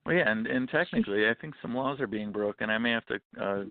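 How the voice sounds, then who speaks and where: A man's voice: medium pitch, animated, quick pace, no echo. A man in his thirties, a guest author, chatting casually and jokily, often repeating words as he starts. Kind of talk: casual interview chat. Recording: tinny phone line.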